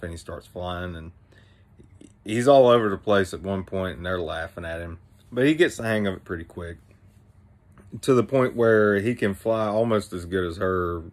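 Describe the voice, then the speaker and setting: A man's voice: deep voice, unhurried. A young man casually recapping an anime episode, rambling with many fillers and restarts.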